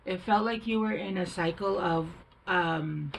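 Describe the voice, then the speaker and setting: A woman's voice: lowish voice, unhurried, vocal fry, slight background noise, poor audio. A woman doing a casual tarot reading, chatty and rambling, thinking aloud with fillers, recorded at home on a camera mic. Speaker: tarot reader.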